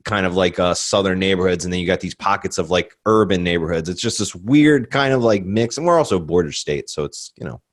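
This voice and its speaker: A man's voice: low voice, fairly quick, few pauses. A young man from Baltimore with a Baltimore accent, co-hosting a podcast in a laid-back, blunt chat full of "like". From Baltimore, Maryland. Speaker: podcast co-host. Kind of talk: casual chat.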